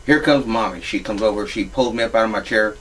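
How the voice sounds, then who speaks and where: A man's voice: lowish voice, quick pace, a bit bright, recorded from a distance, a little hiss or hum, low-quality recording. A man, telling a crude comic story in a profane, drawling redneck manner. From Louisiana.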